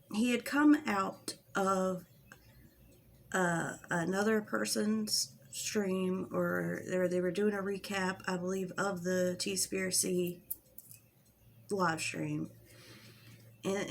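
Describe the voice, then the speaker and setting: A woman's voice: mid-range voice, creaky, slight background noise. A woman talking straight to camera in a casual commentary vlog, frustrated and blunt, swearing heavily as she vents. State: angry. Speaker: drama commentary YouTuber.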